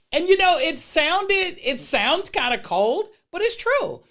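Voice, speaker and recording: A middle-aged woman telling personal stories about her career mentors in a lively, emphatic way. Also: extremely high pitch, slow, few pauses. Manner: emphatic, lively retelling with acted-out dialogue. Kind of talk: personal storytelling talk.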